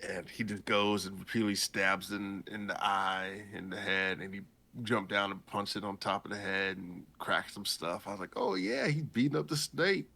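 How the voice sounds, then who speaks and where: A man hosting a podcast, retelling a story in a casual, animated and jokey way. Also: deep voice, moderate pace. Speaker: podcast host.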